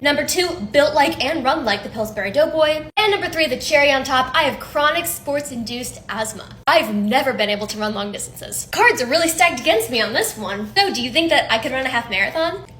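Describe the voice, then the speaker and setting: A woman's voice: high voice, animated, brisk, few pauses, fairly bright tone, a little hiss or hum. A woman content creator giving career advice in punchy, upbeat, emphatic tips. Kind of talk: comedic tips and skits.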